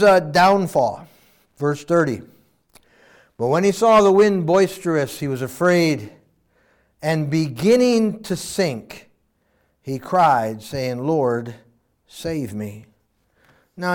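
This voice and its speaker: A man preaching a sermon in an animated way, acting out voices and swinging between loud and quiet. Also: high voice. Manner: animated, acts out voices, varies loudness widely.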